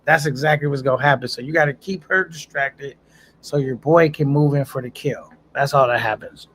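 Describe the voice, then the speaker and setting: A man's voice: medium pitch, brisk, fairly bright tone, a little hiss or hum. A man casually chatting on a live stream, reading viewer comments aloud in a laid-back, slangy way and laughing often.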